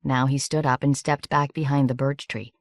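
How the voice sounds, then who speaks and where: A woman narrating an audiobook in a measured, steady reading. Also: extremely low pitch, no echo, clean studio sound.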